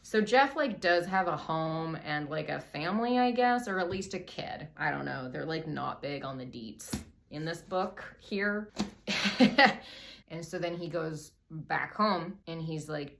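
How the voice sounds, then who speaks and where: A woman's voice: deep voice, lively intonation, a little slow, creaky, fairly bright tone. A woman hosting a comedy show, retelling a story casually and irreverently, full of swearing and filler words, a little out of breath. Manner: irreverent, profane, lots of "like" fillers. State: a bit out of breath, drinking wine. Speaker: comedy podcast host.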